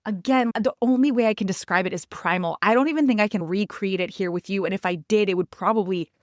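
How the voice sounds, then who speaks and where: A woman in her thirties hosts a podcast and tells a personal story in her own voice. Her tone is emphatic and confiding, and she talks straight to her listeners. Her pitch sits mid-range and the audio is close and dry. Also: fast, no echo. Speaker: podcast host.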